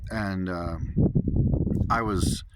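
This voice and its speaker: A man's voice: sits low, fairly even intonation, very slow. A man recording a vlog outdoors and retelling a story in a rambling, earnest way with many restarts. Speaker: vlogger. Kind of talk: casual storytelling to camera. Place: outdoors under an open sky. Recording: loud background noise outdoors.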